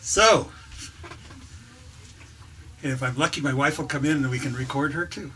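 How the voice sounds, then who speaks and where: A man showing off his dog's pretend tricks in playful deadpan patter, laughing between lines. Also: mid-range voice, normal speed, long pauses, noisy background. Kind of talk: playful show-and-tell to camera.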